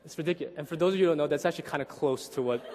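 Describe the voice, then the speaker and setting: Animated young male preacher, hall reverb. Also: a little high, rapid-fire, a little hiss or hum. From Korean heritage. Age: 30s. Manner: animated, keeps asking "right?", acts out voices. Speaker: pastor. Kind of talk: conversational sermon.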